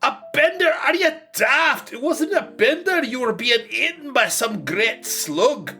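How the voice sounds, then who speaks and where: A man's voice: animated, measured pace, bright, forceful tone, faint music behind, exaggerated voice. A man voicing a blunt, strong Viking woman warrior who scolds her twin. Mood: scornful. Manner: scolding, high-pitched put-on voice.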